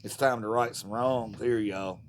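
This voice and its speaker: A man's voice: on the low side, fairly even intonation, unhurried, a little hiss or hum. Guy ranting on his vlog, cussing a lot, all fired up and rambly. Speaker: vlogger. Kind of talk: political rant to camera.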